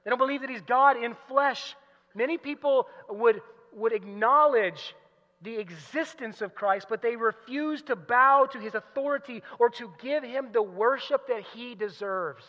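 A man preaching a sermon, moving between hushed teaching and loud, emphatic passages. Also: very high-pitched, normal speed. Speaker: pastor. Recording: muffled recording in a large hall.

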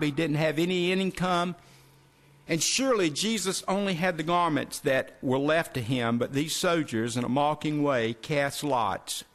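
A man's voice: a little high, a bit bright. Earnest male preacher, rhetorical questions. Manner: earnest, addresses listeners as folks, asks rhetorical questions. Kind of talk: sermon.

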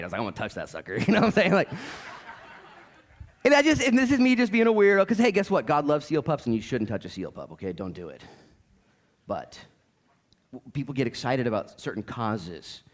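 A middle-aged male pastor preaching a sermon in an animated, joking way, swinging from loud bursts to hushed asides and mimicking voices. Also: fairly high pitch, brisk. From Oregon coast, USA.

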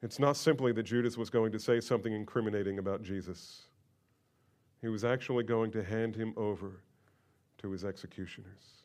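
A man preaching a sermon, expressive and emphatic, moving from quiet explanation to loud, impassioned emphasis. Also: on the low side, fairly quick. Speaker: pastor.

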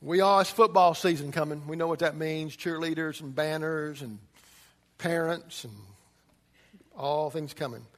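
A man preaching a sermon as pastor, emphatic, swinging from loud urgency to quiet intensity. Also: fairly high pitch, unhurried, big-room sound.

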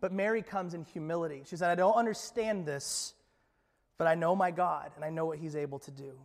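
A man preaching a sermon in an animated, conversational way, acting out voices from the Bible story and often repeating his words. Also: on the high side, brisk. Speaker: pastor. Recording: long church hall reverb.

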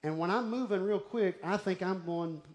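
A man's voice: high voice, moderate pace, darkish tone. A man preaching a sermon, telling stories with energy and often dropping his voice to near-whispers. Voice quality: bald-headed preacher, restless and wired up. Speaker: pastor.

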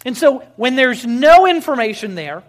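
A pastor preaching a sermon in a conversational, storytelling way with wry humor, putting rhetorical questions to the congregation and often pausing on filler sounds. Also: high-pitched, big pitch swings.

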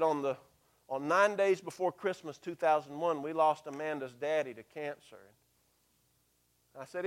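A man, a pastor telling a story from the pulpit with a slightly high voice. He speaks earnestly and drops to a hushed, slow delivery when he quotes scripture. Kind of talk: sermon storytelling.

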